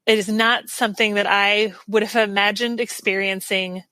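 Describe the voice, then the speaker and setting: Woman guest, bright voice, earnest and thoughtful, laughs a lot, dry close mic. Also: medium pitch, fairly even intonation, normal speed, dry recording. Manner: earnest, reflective, laughs often. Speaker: podcast guest. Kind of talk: casual interview chat.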